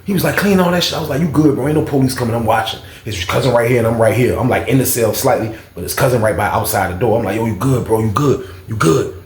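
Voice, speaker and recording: A man's voice: mid-range voice, racing, few pauses, darkish tone, roomy sound. A man casually retelling a prison story in slangy speech, acting out the other people's voices as he goes.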